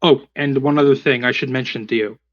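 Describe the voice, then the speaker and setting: A man's voice: medium pitch, steady tone, a little fast, no echo, muffled recording, lightly acted. A man voicing his druid character, speaking formally and apologetically to a shopkeeper. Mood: polite. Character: polite druid adventurer, a man.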